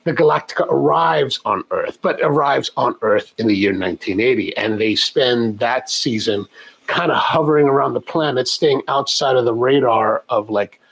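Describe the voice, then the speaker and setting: Rambling husky-voiced man chatting. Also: mid-range voice. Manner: rambling, full of restarts and asides. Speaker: coffee channel host. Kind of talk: casual chat answering viewer questions.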